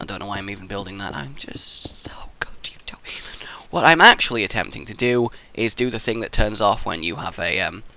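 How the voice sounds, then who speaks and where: A man's voice: fairly low pitch, bright, forceful tone. A young man casually rambling and swearing through commentary while building in a game, mocking himself as he goes. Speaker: gaming channel host. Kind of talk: casual let's play commentary.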